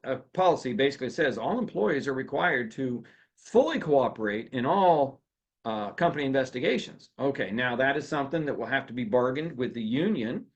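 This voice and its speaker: A man giving a live seminar on workplace rules, animated and often turning questions back to his audience. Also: medium pitch, lo-fi sound. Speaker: workplace law and HR seminar speaker.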